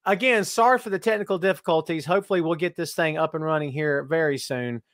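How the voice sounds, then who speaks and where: A man's voice: fairly high pitch, fast talker, fairly bright tone, no echo, studio quality. A middle-aged man hosting a live-streamed wrestling podcast, joking and teasing as he greets viewers by name. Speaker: podcast host. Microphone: webcam live stream.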